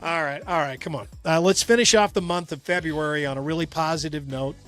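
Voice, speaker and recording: High-voiced American radio host, joking. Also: male voice, brisk, a bit bright, faint music behind. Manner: reads news items with joking asides. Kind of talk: casual sports radio chat.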